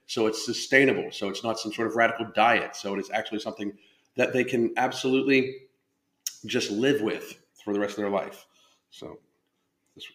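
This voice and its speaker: A man's voice: mid-range voice, fairly bright tone. A man hosting a casual live stream about his coaching, loose and profane, breaking off and restarting his sentences. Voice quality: loose, profane, self-interrupting talk. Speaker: podcast host and fitness coach. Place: indoor room at home. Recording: roomy echo.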